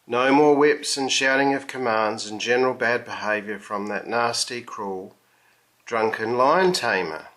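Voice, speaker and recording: Slow, bright-toned male storyteller. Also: mid-range voice. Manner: slow, expressive storybook reading. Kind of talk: reading a children's story aloud.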